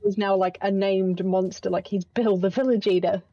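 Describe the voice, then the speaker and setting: A woman plays in an online tabletop game, her words tumbling out in eager restarts. Her voice is mellow and dark, recorded dry with a slightly dull, lo-fi tone. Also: mid-range voice, fairly even intonation, normal speed, dry recording. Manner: eager, stumbling, laughs while describing. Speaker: player.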